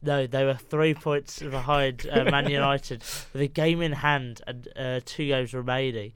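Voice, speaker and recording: A man co-hosting a casual football podcast in a studio, hesitant with many uhs and deadpan jokes. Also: medium pitch, unhurried, clear, resonant tone, no echo. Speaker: podcast co-host.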